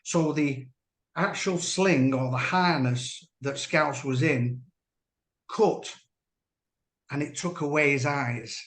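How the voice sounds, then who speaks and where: A man, a former dolphin trainer, giving earnest personal testimony as an interview guest, measured and halting with restarts. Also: fairly high pitch, fairly bright tone. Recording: roomy echo.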